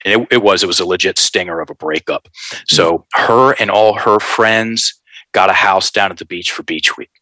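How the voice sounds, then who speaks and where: A man telling a story in an animated, folksy way, calling his listeners folks. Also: low voice, normal speed, no echo, poor audio. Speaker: guest.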